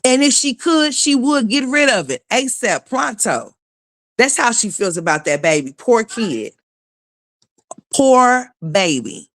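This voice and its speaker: A woman's voice: a little high, very animated, a little slow, a bit bright. Blunt, profane woman ranting on a livestream. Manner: greets chat viewers by name mid-rant. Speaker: livestream commentary host. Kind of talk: ranting gossip commentary.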